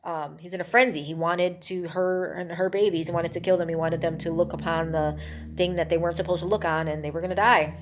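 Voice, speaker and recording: A woman's voice: fairly low pitch, fairly even intonation, a little fast, background noise. A woman reviewing a movie, retelling its plot in a casual, rambling way with many fillers and acting out the characters' lines. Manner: rambling, full of "you know" and "um"; acts out characters' lines in a raised voice.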